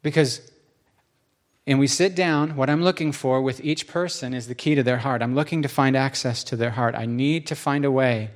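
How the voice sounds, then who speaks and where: A man's voice: medium pitch, normal speed. A man preaching a sermon in a church, speaking conversationally and acting out quotes with rising emphasis.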